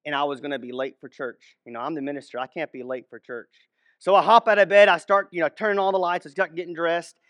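A man's voice: on the high side, a bit bright, clean tone, dry recording, muffled recording. A young man, a minister, giving a casual, conversational Bible teaching with many restarts and asides.

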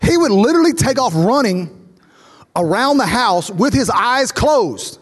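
A man in his thirties, a pastor, preaches to his congregation in a very high, sing-song voice at a measured pace. He tells stories and acts out the dialogue with different voices, building to fervent repetition. The recording carries the long reverb of a large church auditorium.

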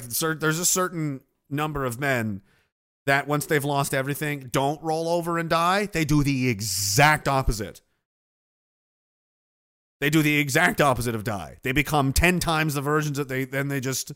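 A man's voice: a little high, fairly bright tone. Sarcastic, cursing man ranting on air. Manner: profane, sarcastic, reads chat comments aloud. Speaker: live show host. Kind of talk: casual livestream rant.

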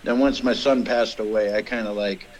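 A man's voice: on the low side, fairly even intonation, normal speed, a little hiss or hum, poor audio. A middle-aged man, a comedian guest from the Boston area, telling rambling, profane stories in casual podcast chat.

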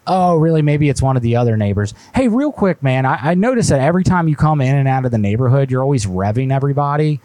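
A man's voice: mid-range voice, animated, quick pace, few pauses, dark tone, no echo. A man hosting a live stream and making a prank call, fake-friendly and then needling with mock offense. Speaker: prank caller, host.

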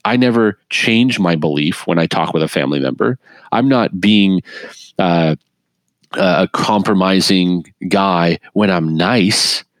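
A middle-aged man speaking as an interview guest, telling his story in an earnest, animated way with frequent laughs and restarts. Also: deep voice, unhurried, no echo. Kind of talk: earnest conversational testimony.

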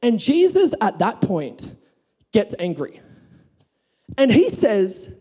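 Mellow-voiced pastor preaching a sermon. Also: male voice, high-pitched, takes it slowly, long pauses, in a large hall. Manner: storytelling with humor, emphatic and lively. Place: church hall with audience.

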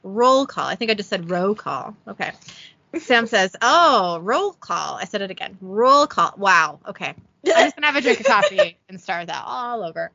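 Reading an episode recap aloud, a female podcast host giggles, teases herself and doesn't do much voicing on the quotes. Her medium-pitched voice is creaky and sharp, with lively intonation at a normal speed. The recording is muffled and has no room sound.

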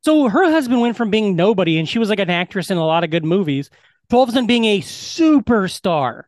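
A man co-hosting a podcast in casual chat, talking in an animated way with lots of "like". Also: sits high, fast, no echo, clean studio sound. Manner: animated, chatty, heavy use of "like". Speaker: podcast co-host.

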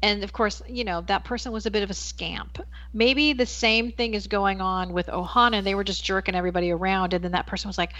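A woman's voice: medium pitch, steady tone, quick pace, few pauses, a bit bright, no room sound, muffled recording. A woman co-hosting a casual podcast chat, playful and teasing. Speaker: podcast co-host.

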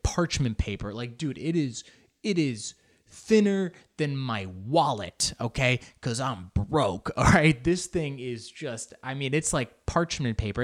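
A man hosting a casual solo podcast, talking in an animated, joking and profane way and slipping into Spanish words. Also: mid-range voice. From Argentine family background. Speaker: podcast host.

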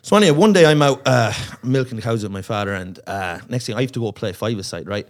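A man's voice: mid-range voice, animated, fast. A man telling a long, profane story on a comedy podcast, acting out the voices of the people in it. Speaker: comedian guest.

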